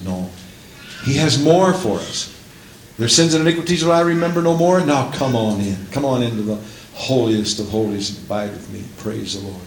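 A man's voice: medium pitch, a little hiss or hum. Preaching man in an echoey church. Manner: preaching, rising to shouts at climaxes; interjects praise and hallelujahs often. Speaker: pastor. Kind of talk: sermon.

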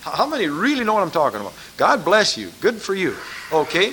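A man's voice: high voice, wildly swooping pitch, fast, pushed and bright, a little hiss or hum. A man preaching a sermon, pressing his listeners with emphatic rhetorical questions.

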